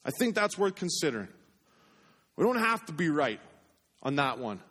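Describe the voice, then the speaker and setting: A man preaching a sermon in an earnest way, repeating phrases for emphasis and dropping to a hush on key points. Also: a little high, big pitch swings, normal speed, husky. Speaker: pastor.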